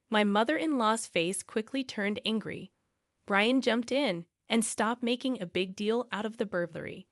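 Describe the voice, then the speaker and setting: A woman narrating a first-person family drama story in a steady, plain way. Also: on the high side, measured pace, dry recording, studio quality.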